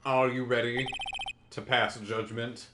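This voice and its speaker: A player voicing a smug, brooding adult male prosecutor with a slow, dismissive drawl. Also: medium pitch, little pitch movement, heavy background noise, voice pushed down, close to an everyday voice. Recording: loud game music behind.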